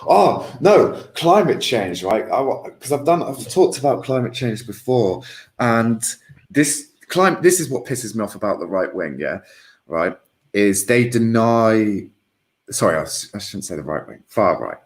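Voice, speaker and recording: A man rambling as a guest in casual political chat. He swears a lot and loses his train of thought. His voice sits fairly low. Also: very animated, unhurried. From Britain.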